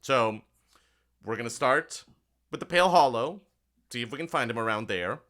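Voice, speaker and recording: Male game master, bright tense voice, casual hedging narration. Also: mid-range voice, animated, moderate pace. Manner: loose, hedging with many fillers.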